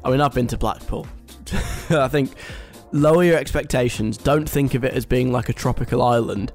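A man's voice: medium pitch, normal speed, a little mellow, soft background music. A young British man hosting a radio show, reading a list aloud and mocking it in a chatty, wry way. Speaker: radio host. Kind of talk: casual radio talk.

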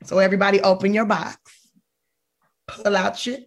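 A woman speaking as a board member, announcing results in a brisk, casual, playful way. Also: mid-range voice, little pitch movement. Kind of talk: lively celebration announcement.

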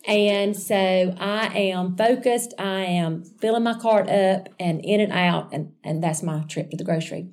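Mellow woman telling a story. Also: medium pitch, normal speed, few pauses. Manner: chatty and animated, addressing listeners as y'all, with frequent restarts and asides. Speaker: speaker sharing a personal faith testimony. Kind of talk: conversational storytelling testimony.

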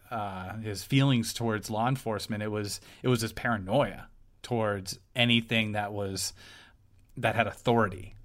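A man's voice: lowish voice, fairly bright tone. Rambling male podcast co-host. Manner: rambling, searching for words. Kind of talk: casual discussion.

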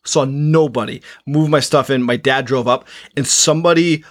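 Brief: young male podcast co-host, casual, animated storyteller, swears freely. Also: mid-range voice, moderate pace, no echo, clean studio sound. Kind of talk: casual chat.

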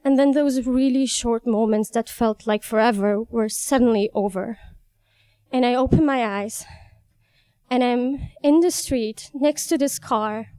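A young woman from Iran telling a vivid first-person story, animated and laughing as she goes. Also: fairly high pitch, measured pace, clear, resonant tone, dry recording.

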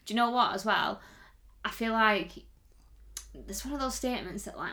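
A woman's voice: medium pitch, normal speed, vocal fry, fairly bright tone. A woman co-hosting a casual podcast, teasing her co-host playfully and laughing often.

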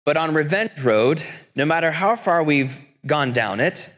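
A man preaching a sermon as pastor, telling a story earnestly and slowing down for quotations. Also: fairly high pitch, lively intonation, a bit bright. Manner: earnest storytelling, slows for quotes. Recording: long church reverb.

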